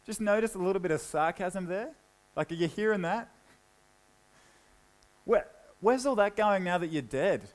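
A young man preaching a sermon in a casual, conversational way, dropping low and quiet when he reads scripture. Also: animated, moderate pace, long pauses, rough recording. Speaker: pastor.

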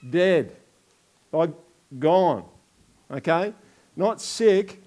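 A man's voice: high voice, lively intonation, slow, pauses often, darkish tone. A man with an Australian accent preaching a conversational sermon, joking and throwing rhetorical questions at the congregation during an object lesson. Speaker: pastor.

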